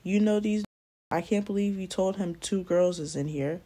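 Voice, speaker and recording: A woman's voice: medium pitch, normal speed, warm tone, close to an everyday voice. A woman voicing a brash, bossy man who gives orders in slang. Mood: angry. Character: brash bossy male pimp.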